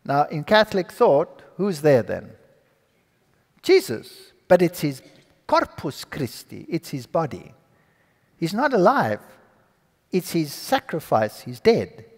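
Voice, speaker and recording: A man giving his personal testimony to an audience, telling the story in an animated, dramatic way. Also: fairly high pitch, slow, long pauses. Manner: animated, dramatic storyteller who acts out dialogue. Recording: long hall reverb.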